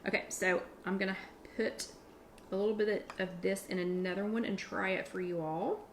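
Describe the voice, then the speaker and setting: A woman's voice: mid-range voice, fairly even intonation, normal speed, a little hiss or hum. A woman hosting a casual live cooking chat from her home kitchen, talking in a chatty, rambling way and restarting her sentences. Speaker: online workshop host.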